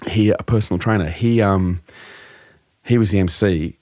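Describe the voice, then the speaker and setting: A man and comedy musician, telling animated stories in a casual chat and laughing often. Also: deep voice, normal speed, dry recording, studio quality. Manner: animated, laughing, slips into impressions.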